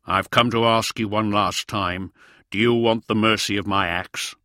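A man voicing a gruff, hardened male warrior who speaks bluntly and curtly. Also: on the low side, steady tone, moderate pace, bright, forceful tone, no room sound, clean studio sound. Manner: blunt, curt.

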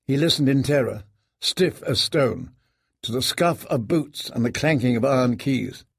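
A man reading an audiobook in a measured, grave storytelling manner. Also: mid-range voice, lively intonation, creaky, slightly rough, no room sound, studio quality. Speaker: narrator. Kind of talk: scripted audiobook narration.

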